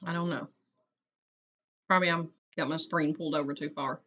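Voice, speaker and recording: A folksy woman chatting live with her viewers, her voice low-pitched yet bright and forceful. The recording is dull and lo-fi, as from a home stream. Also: fairly even intonation, moderate pace. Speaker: livestream host. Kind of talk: casual chat with live viewers.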